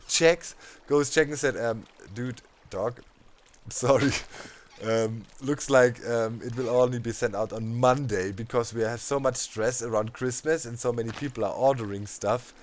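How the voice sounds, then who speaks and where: A man's voice: mid-range voice, moderate pace. A man, a let's play host in his thirties, telling a story over gameplay with lots of laughs and casual fillers. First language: German. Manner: animated, laughing, heavy on fillers like "you know, man".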